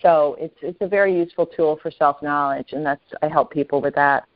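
A woman's voice: low voice, steady tone, dry recording. A woman guest who works as an astrologer, speaking earnestly with small stumbles. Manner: earnest, slightly halting. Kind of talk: interview answers. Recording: dry lo-fi sound.

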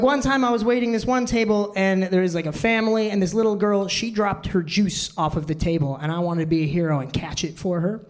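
A man in his twenties doing a self-deprecating stand-up routine on a club stage, telling awkward stories to a laughing audience. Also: high voice. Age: 20s. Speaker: stand-up comedian.

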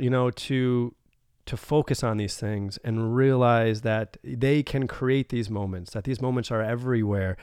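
A man's voice: medium pitch, darkish tone, smooth, no room sound, clean studio sound. A man hosting a podcast in a casual chat, enthusiastic and affirming, often saying "man" and "like". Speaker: podcast host.

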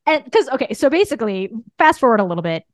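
Woman co-host, 30s, lively and expressive, acts out the dialogue, high-ish voice. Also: fast talker, no room sound. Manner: animated storytelling, acts out quoted dialogue. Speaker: podcast co-host. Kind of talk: casual chat.

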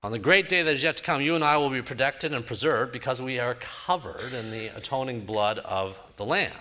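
A man's voice: mid-range voice, fairly quick, pushed and bright. A male pastor preaching a sermon, emphatic and building his points through repeated phrases.

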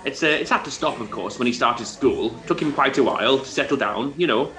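A man with a Welsh accent, chatting in a friendly, unhurried way during a scripted café conversation. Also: medium pitch, bright, forceful tone, soft background music, low-quality recording. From Wales. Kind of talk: casual scripted dialogue.

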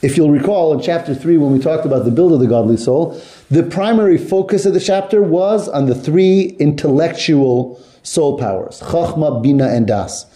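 A man's voice: on the high side, normal speed, warm tone. A man teaching a text study class to students, explaining step by step and putting questions to the class. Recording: echoey room.

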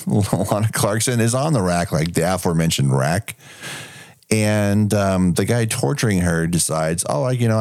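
A man's voice: sits low, dry recording, clean studio sound. A man co-hosting a podcast, reviewing a movie in casual chat, laughing often and acting out the lines he quotes. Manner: animated, laughing, acts out quotes. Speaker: podcast co-host.

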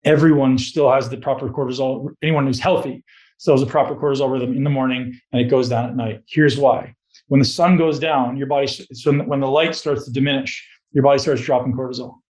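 A man's voice: medium pitch, steady tone, a little fast, a little mellow. A man giving a blunt, motivational coaching talk to a live group, swearing freely and firing questions at the room. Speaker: host giving a talk on fat loss.

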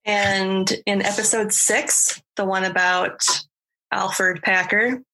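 A woman's voice: medium pitch, steady tone, takes it slowly, bright, forceful tone, a little hiss or hum. A woman hosting a podcast, chatting casually and upbeat with her co-host.

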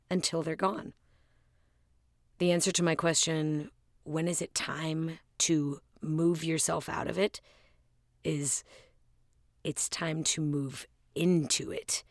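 A woman hosts a casual storytelling monologue in a slightly low voice. She acts out both sides of a conversation and laughs at her own ideas. Her humor is self-deprecating, and she is recorded close in a dry room. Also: dry recording.

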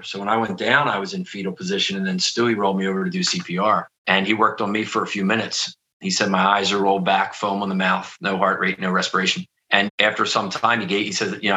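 Earnest middle-aged man, bright voice. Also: low-pitched, low-quality recording. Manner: earnest, vivid storytelling with many restarts and "you know". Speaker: guest telling his near-death story. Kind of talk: personal storytelling interview.

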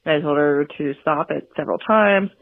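A woman's voice: low-pitched, a little fast, gravelly. A woman leaving a voicemail, nervous and giggly as she rambles through her question. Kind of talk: voicemail message. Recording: tinny phone-line voicemail.

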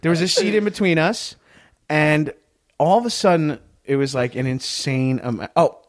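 A man's voice: a little high, normal speed. A man in his thirties casually telling comedic stories on a podcast, rambling and laughing often. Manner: rambling, laughs a lot, acts out quotes. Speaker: podcast guest.

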